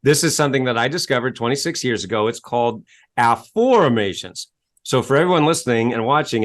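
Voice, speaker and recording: A man who works as a self-help coach, telling stories as a guest in an interview with a salesy, animated manner, acting out quotes and spelling words letter by letter. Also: medium pitch, brisk. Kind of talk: enthusiastic storytelling interview talk.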